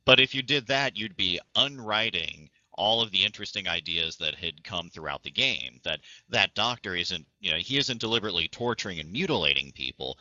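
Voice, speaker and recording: A man's voice: sits low, lively intonation, fairly quick, few pauses, sharp tone, dry recording. A man in a casual podcast chat about video games, making wry and articulate points. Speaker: podcast panelist. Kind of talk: casual gaming discussion. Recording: dull, dry lo-fi audio.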